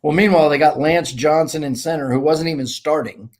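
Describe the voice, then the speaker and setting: A middle-aged man, a former ballplayer and guest, telling rambling, animated anecdotes in casual conversation. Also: on the high side, brisk. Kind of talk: casual storytelling.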